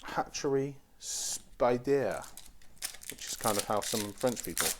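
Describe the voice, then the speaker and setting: A man's voice: fairly low pitch, a little fast, noisy background. A man hosting a casual card-opening stream, chatty and teasing as he talks to the packs. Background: crinkling foil wrappers.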